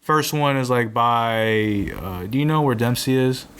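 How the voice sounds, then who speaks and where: A man's voice: mid-range voice, unhurried, fairly bright tone, smooth. A young man in his twenties, co-hosting a podcast and telling a rambling, swear-filled story in casual chat. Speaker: podcast co-host.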